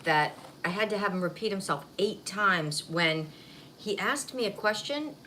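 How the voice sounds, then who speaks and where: A woman's voice: mid-range voice, animated, a little slow. A woman vlogger chatting casually while eating on camera, rambling and laughing easily. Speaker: mukbang vlogger. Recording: faint background noise.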